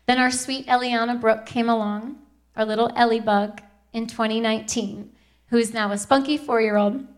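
A woman in her thirties giving a heartfelt faith testimony to a live audience, earnest and chatty with laughing asides to the crowd. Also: on the high side. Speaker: Christian speaker.

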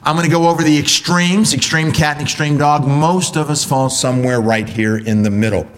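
Animated man preaching a sermon. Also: brisk. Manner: animated, swings from loud mock-enthusiasm to low earnest tones; addresses congregation with rhetorical questions.

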